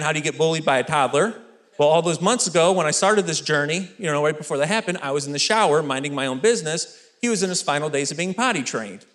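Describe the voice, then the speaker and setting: A man in his thirties doing a stand-up comedy routine, telling energetic, self-deprecating stories on stage. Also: fairly high pitch. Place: comedy stage with live audience. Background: faint audience laughter and room noise.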